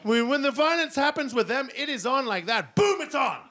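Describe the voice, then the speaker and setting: A middle-aged man doing stand-up comedy on stage, rambling and self-mocking, now and then bursting into shouted voices. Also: very high-pitched, animated, normal speed, a faint crowd. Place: comedy stage before a laughing audience.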